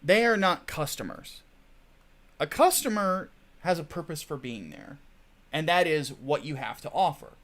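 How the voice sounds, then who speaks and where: A man hosting a livestream, ranting casually and wandering off on tangents while swearing freely. His fairly high voice swings up and down with animated emphasis. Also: unhurried. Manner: profane, digressive, chatty. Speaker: host.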